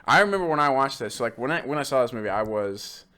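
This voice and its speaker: A young man in his twenties with a bright, forceful voice, chatting casually as a podcast co-host. He rambles through a movie recap, swearing freely and laughing often, at an ordinary pitch for a man. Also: lively intonation, fast, smooth. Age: 20s.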